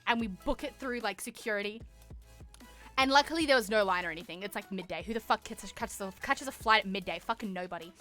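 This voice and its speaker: A woman with an Australian accent, streaming and telling a story to her chat in a casual, animated way, swearing freely and acting out what people said. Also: mid-range voice, quick pace, faint music behind.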